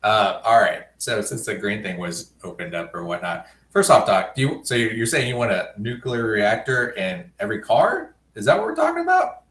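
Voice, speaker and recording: Lower-voiced joking man in an echoey room. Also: normal speed, few pauses, a bit bright. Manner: joking, laid-back. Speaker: live stream guest. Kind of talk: casual live stream chat. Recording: roomy, echoey sound.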